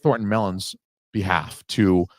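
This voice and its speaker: Low-voiced man rambling through a film commentary. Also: steady tone, measured pace, no echo. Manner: rambling, analytical, with an occasional swear. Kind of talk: casual film audio commentary.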